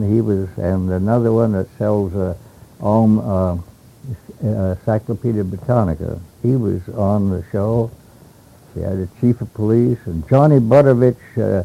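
An older man from Alaska recalling old stories in a rambling, halting way, with many hesitations and chuckles, on a dull lo-fi tape. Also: fairly low pitch, gravelly. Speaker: interviewee. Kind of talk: oral history reminiscence.

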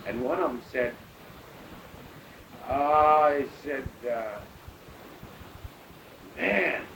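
An older man, a pilot, recounting his past in a rambling, halting way full of fillers. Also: mid-range voice, fairly bright tone. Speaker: bush pilot telling his story. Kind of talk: oral history storytelling. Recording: noisy recording.

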